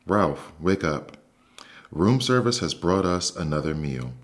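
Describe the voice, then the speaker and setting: A man with a deep voice playing a cheerful, carefree mother mouse in a bedtime storybook reading. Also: expressive, unhurried.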